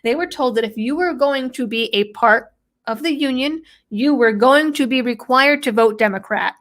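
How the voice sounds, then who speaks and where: A woman's voice: sits high, moderate pace, a bit bright. A young woman reading out a news article and picking it apart with sarcastic, skeptical commentary. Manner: sarcastic, quotes text then mocks it. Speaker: political commentator.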